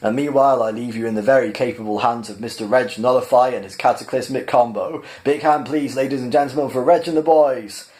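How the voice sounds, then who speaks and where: A man voicing a showy male cabaret compere who talks in a booming, theatrical way. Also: a little fast, few pauses, darkish tone, close to an everyday voice. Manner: booming, theatrical showman delivery.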